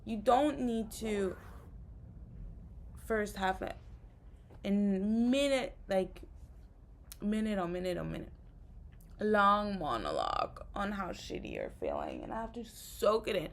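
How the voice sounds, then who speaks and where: Speaking slowly with long pauses and big swings in pitch, this woman has a mid-range voice, and a little hiss or hum sits under the recording. She's a tired, exhausted vlogger in a frustrated, rambling rant to camera, full of fillers.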